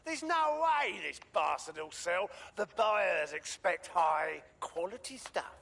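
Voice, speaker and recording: An actor playing a brutal, contemptuous male thug in a video game, with a gravelly, husky voice. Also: high-pitched, expressive, takes it slowly, pushed and bright, full character voice.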